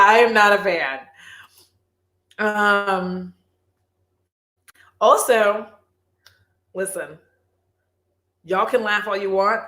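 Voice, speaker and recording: A woman vlogger chatting casually on a livestream, animated, swearing and laughing often. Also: medium pitch, reverberant.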